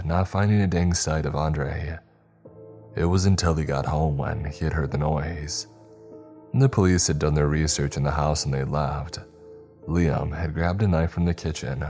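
A man narrating a scripted horror story in a steady, brisk storytelling manner. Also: rumbling low.

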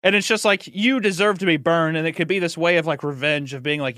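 A man's voice: on the high side, fairly quick, hardly any pauses, sharp tone, no echo, clean studio sound. A young adult man hosting a podcast in casual chat, rambling and laughing often as he reacts to movies.

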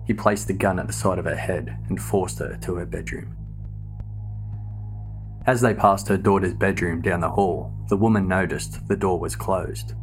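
A man giving scripted true crime narration in a steady, measured storytelling manner. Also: deep voice. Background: faint background music.

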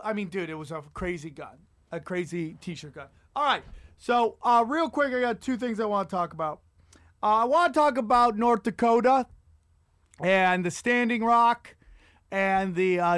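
A man's voice: high-pitched, no echo, studio quality. A man hosting a podcast, rambling and profane in a casual comedic rant. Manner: rambling, profane, animated storytelling. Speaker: podcast host.

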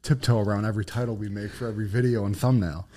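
A man's voice: fairly low pitch, fairly even intonation, rapid-fire, mellow. Laid-back male podcast co-host. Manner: laid-back, chimes in with short replies and reflective comments. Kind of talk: casual podcast chat.

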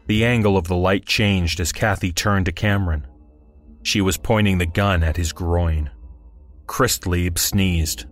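Low-voiced man narrating horror. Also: unhurried, a bit bright, soft background music.

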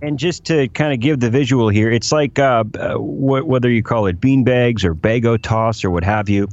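A man's voice: mid-range voice, normal speed, a little mellow, no room sound, muffled recording. A man co-hosting a podcast, joking and riffing playfully in casual chat. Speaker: podcast co-host.

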